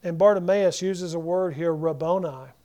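A male preacher with a high voice and a soft, mellow tone. He swings from loud emphasis down to near-whispers and acts out the people in the passages in quick voices. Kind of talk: sermon.

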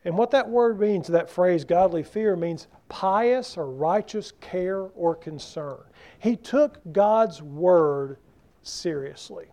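A man's voice: high voice, takes it slowly, mellow. A male pastor preaching a sermon, talking conversationally and asking the congregation questions. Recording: dull lo-fi sound.

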